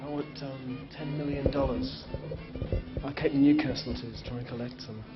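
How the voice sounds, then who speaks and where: A man interviewed as a guest on a TV show, answering in a dry, joking, deadpan way. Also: mid-range voice, normal speed, music in the background. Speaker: guest musician and actor. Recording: dull 1980s TV sound.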